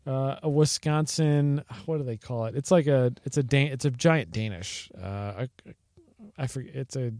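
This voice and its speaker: A podcast co-host with a medium-pitched, slightly mellow voice speaks at a moderate pace, with no room sound. Chatting casually, he rambles through stories full of fillers and restarts and laughs often.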